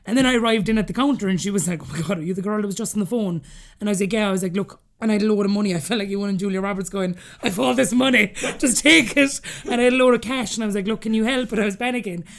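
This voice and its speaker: Fast-talking Irish woman in her thirties. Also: medium pitch. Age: 30s. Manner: rapid, animated, acts out quoted dialogue. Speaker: podcast guest. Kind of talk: candid personal storytelling.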